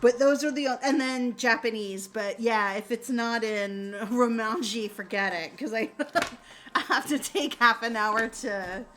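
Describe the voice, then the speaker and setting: Bright, laughing woman chatting with viewers. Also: fairly high pitch, unhurried, soft background music. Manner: laughs often, animated storytelling. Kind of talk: casual chat.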